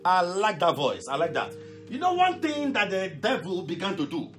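A pastor leading a fervent live prayer sermon, shouting repeated commands and breaking into tongues. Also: male voice, high-pitched, wildly swooping pitch, moderate pace, music in the background. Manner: speaks in tongues between prayers.

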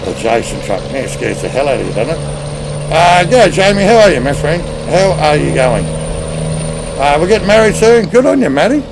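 A man's voice: fairly high pitch, big pitch swings, moderate pace, creaky, background noise. A middle-aged man chatting casually on a live stream while playing a game, cheerfully greeting viewers by name.

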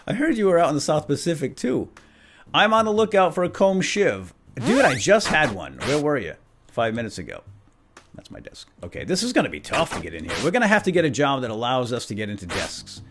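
Playful man with lively swings in pitch. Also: a little fast, background noise. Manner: playful, bantering with game characters. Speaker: let's play host. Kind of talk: casual gameplay commentary. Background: game music.

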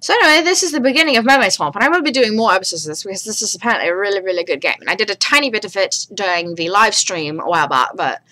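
A woman's voice: medium pitch, lively intonation, rapid-fire, few pauses, bright, forceful tone. A young woman hosting a gaming video, chatty, tired and yawning, who swears casually and talks to her viewers. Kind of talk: let's play commentary.

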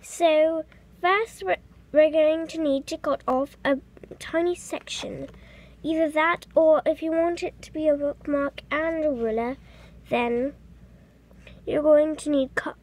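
A woman's voice: sits high, a little slow, darkish tone. A young female creator talking casually through a DIY craft tutorial, often dropping into whispered asides. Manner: chatty, drops into whispered asides.

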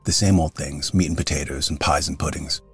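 A man reading the lines of a fussy, sharp-tongued dead woman, with curt, querulous replies. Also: a bass voice, fairly even intonation, a little fast, husky, faint music behind, heavily acted. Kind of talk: audiobook reading of a character.

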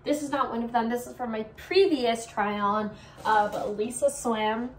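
A young woman hosts a casual try-on vlog in a bubbly, playful Valley Girl voice that sits a little high. She is recorded from some distance in an echoey room, with faint room ambience behind her. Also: steady tone, measured pace, slight background noise. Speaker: vlogger.

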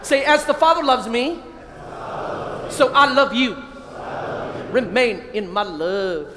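A middle-aged priest giving a lively keynote talk to a crowd of men, calling out phrases for them to repeat. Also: male voice, very high-pitched, takes it slowly. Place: large hall. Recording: long hall reverb, faint ambient noise.

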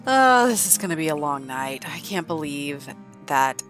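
A woman's voice: low voice, sing-song, moderate pace, over music. A woman voicing a stressed, paranoid young male cop in a life-sim game, resentful and accusing toward his father. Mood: weary. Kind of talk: game narration voicing a character.

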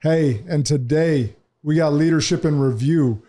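A man's voice: a little high, measured pace, dark tone. A man hosting a podcast in a studio, talking casually, emphatic and opinionated. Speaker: podcast host.

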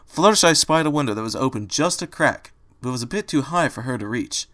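Male reader, expressive storybook narration, average pitch. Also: fast talker, hardly any pauses.

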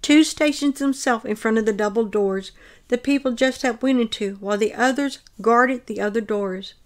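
A woman reads her dream account aloud in an earnest, measured, descriptive manner. Her voice sits somewhat high for a woman.

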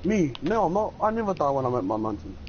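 A man's voice: on the high side, big pitch swings, quick pace, highs cut off. A young man bantering over a game, brash, boastful and swearing freely. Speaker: gamer. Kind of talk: casual gaming banter.

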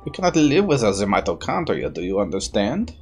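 A man's voice: fairly low pitch, wildly swooping pitch, a little fast, soft background music. A man voicing an eccentric older male scientist with a put-on German-Russian accent, lecturing theatrically.

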